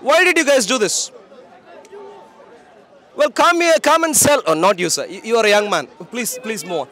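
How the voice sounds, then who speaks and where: A man preaching outdoors on a city street, loud and projecting as he argues with passersby. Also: very high voice, expressive, moderate pace, a faint crowd. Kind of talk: open-air street preaching and debate.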